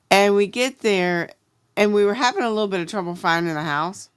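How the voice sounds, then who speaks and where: A woman's voice: medium pitch, moderate pace, smooth, no echo. American woman, podcast co-host, casual storytelling, dry close sound. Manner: chatty, animated retelling with acted-out quotes.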